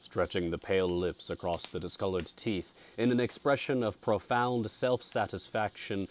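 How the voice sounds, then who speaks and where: A male storyteller reading a gothic ghost story aloud. His voice is very deep and his delivery slow and deliberate, building atmosphere line by line. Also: a little hiss or hum. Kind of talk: scripted narration of a ghost story.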